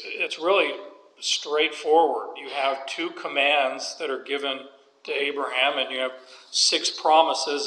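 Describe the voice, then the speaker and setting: A man's voice: a little high, bright, forceful tone, slight background noise. A man preaching a sermon, walking through scripture with folksy, joking asides. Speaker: pastor. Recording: echoey hall with long reverb.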